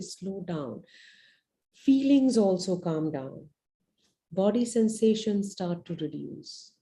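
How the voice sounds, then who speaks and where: A woman's voice: medium pitch, dark tone. A middle-aged woman teaching a live webinar as a parenting coach. She talks earnestly, guides listeners through a visualization, and often checks in with "you know" and "right?".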